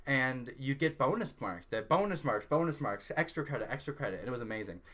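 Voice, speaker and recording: A young man with a Canadian accent, hosting his own channel and telling a personal story in a lively, excitable way. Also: mid-range voice, brisk. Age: young adult. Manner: animated, excitable storyteller who rises loud when indignant. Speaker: channel host. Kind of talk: casual storytelling vlog.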